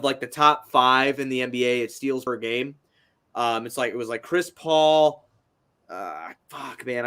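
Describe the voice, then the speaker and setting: A man's voice: mid-range voice, a bit bright. Rambling, profane young man podcasting. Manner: rambling, profane, laughs easily. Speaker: podcast co-host. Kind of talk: casual sports podcast chat.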